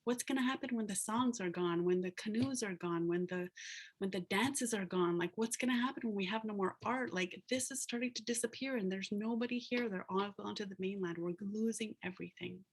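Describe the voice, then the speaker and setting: A woman's voice: mid-range voice, fairly quick, breathy edge. A woman doing a worried, urgent teenage boy. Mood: urgent, pleading.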